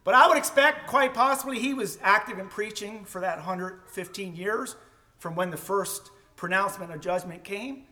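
A man preaching a sermon in a church sanctuary, telling the story slowly and emphatically with many rhetorical questions. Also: high voice, bright, forceful tone. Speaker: pastor.

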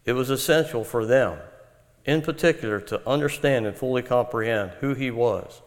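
A man preaching an earnest, measured Bible-teaching sermon. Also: medium pitch, big-room sound.

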